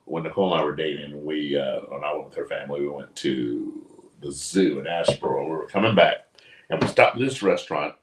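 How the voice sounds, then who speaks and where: A man co-hosting a casual chat show, telling animated stories and swearing freely. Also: extremely low pitch, brisk, reverberant, slight background noise. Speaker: co-host.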